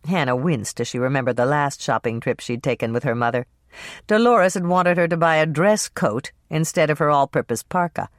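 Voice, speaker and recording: An audiobook narrator reading a cozy mystery in a wry, measured storytelling manner. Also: mid-range voice, dry recording, clean studio sound.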